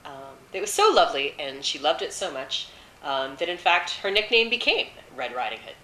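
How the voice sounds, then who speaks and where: A woman's voice: deep voice, big pitch swings, normal speed, pushed and bright, roomy sound, slight background noise, poor audio. A woman casually retelling a fairy tale off the cuff, chatty, with fillers and wry asides. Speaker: storyteller.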